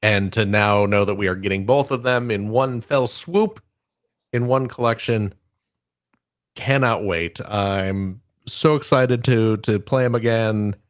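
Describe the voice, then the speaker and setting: A man's voice: fairly low pitch, unhurried. A middle-aged man co-hosting a podcast, chatting casually with dry sarcastic humor. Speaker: podcast co-host. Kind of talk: casual chat.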